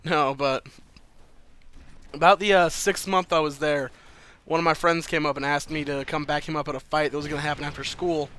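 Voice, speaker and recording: A man's voice: a little high, fairly even intonation, fairly quick, a bit bright, clear, resonant tone. A man casually telling a personal story to camera, chatty and loose, swearing freely and laughing between lines.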